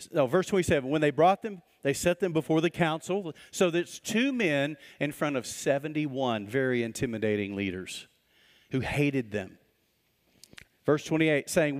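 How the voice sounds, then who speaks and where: A male pastor preaching a lively, joking sermon and reading scripture aloud. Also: a little high, normal speed, big-room sound. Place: church sanctuary.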